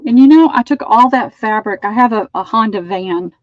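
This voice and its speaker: Lady selling stuff on a live stream, chatty, slightly high voice, dull dry lo-fi sound. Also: expressive, fairly quick, dry recording. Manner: chatty, measuring and describing items aloud. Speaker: online sale host. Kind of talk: live-streamed sale pitch.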